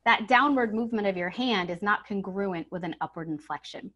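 A woman giving a webinar lesson on using the voice, stressing key words and shifting her pitch and loudness to show each tip. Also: fairly quick. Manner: demonstrative, emphatic, varies pitch and volume to show tips. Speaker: communication trainer. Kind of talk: webinar coaching on voice. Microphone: home setup over video call.

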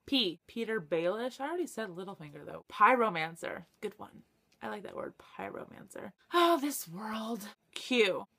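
A young woman chatting to camera for her book vlog, excitable, laughing often and swearing when she gets stuck. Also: a little high. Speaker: book vlogger. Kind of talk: casual chat to camera.

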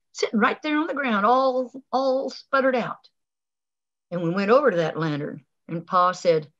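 A woman's voice: a little high, a bit bright, lo-fi sound. A woman telling a folksy first-person tale with dramatic flair, over a video call. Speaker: storyteller. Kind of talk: live folksy storytelling.

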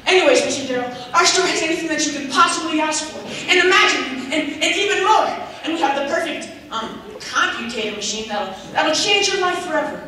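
A man's voice: very high-pitched, expressive, brisk, few pauses, bright, forceful tone, heavily acted. A teenage boy playing an eager, upbeat store clerk giving sales patter in a comic stage skit. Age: teens. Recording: echoey hall from far off, crowd.

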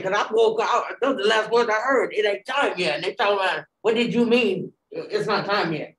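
A woman giving an animated personal testimony in a group, acting out the dialogue with many fillers. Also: mid-range voice, a little fast. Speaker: Bible study participant. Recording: echoey room.

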